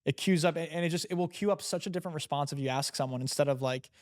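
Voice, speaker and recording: A man's voice: on the high side, very fast. A man being interviewed on a podcast, talking in a reflective, coaching way about emotions and self-awareness. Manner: reflective, coaching tone with frequent restarts. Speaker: guest entrepreneur. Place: seated in a chair indoors.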